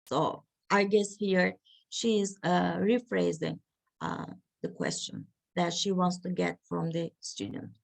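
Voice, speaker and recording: A woman giving an academic reading session, talking slowly and haltingly with many fillers. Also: on the low side, expressive, gravelly. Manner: slow, halting delivery with frequent fillers. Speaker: lecturer.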